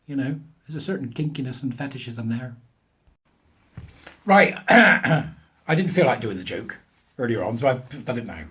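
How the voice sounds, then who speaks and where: A man's voice: medium pitch, a bit bright. A man hosting a commentary show, ranting crudely and then telling a joke he laughs at himself. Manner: crude, ranting, laughs at his own jokes. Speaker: host.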